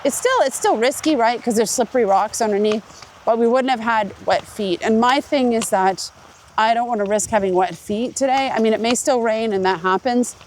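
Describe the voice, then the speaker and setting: A woman's voice: on the high side, moderate pace, a little mellow, slight background noise. A woman with a congested voice, chatting casually and rambling with many fillers while vlogging on an outdoor forest trail. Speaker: hiking vlogger. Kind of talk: casual vlog talk while hiking.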